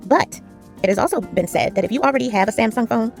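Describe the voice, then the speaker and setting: A woman chatting casually while she strings beads, telling a long story with lively retellings. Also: on the high side, quick pace, creaky, soft background music. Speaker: jewelry-making vlogger. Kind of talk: casual chat while beading.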